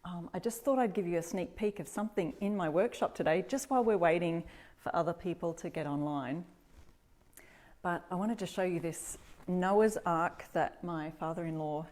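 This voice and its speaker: Streaming DIY live from her home workshop, a middle-aged Australian woman keeps it chatty and casual, welcoming viewers by name. Her fairly low voice is a little mellow, slightly stuffy, and she clears her throat now and then.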